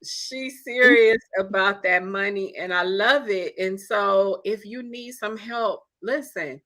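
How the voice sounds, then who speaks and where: A woman's voice: mid-range voice, slow pace. A woman co-hosting a casual chat, encouraging and supportive as she wraps up. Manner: encouraging, lively affirmations. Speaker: co-host.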